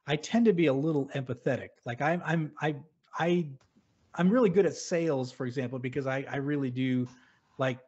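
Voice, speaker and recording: Middle-aged guy from new england, mid pitch, earnest storytelling on a podcast, slightly muffled audio. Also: breathy edge. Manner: earnest, storytelling, frequent restarts. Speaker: podcast guest, former submarine officer. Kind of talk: casual podcast interview. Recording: lo-fi dull audio.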